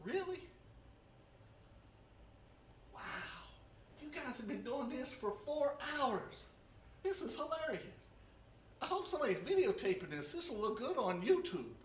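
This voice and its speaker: Elijah, a laid-back prophet mocking his rivals with amused teasing, put on by a preacher mid-sermon, in a high, lively, bright voice that rings in a roomy space. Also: a little slow, long pauses, a little hiss or hum. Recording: roomy echo.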